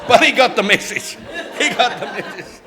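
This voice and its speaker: Casual: 60s new zealand guy telling funny stories on stage, laughs a lot, highish voice. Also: moderate pace, a crowd in the background. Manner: animated, joking, laughs often. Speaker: keynote speaker. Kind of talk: humorous storytelling speech.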